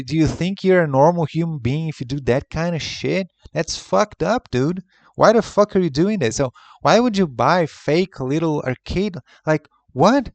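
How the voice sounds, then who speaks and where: A man's voice: a little high, dry recording. A man ranting in an unscripted monologue, profane and exasperated, rambling with lots of restarts. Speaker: retro gaming YouTuber.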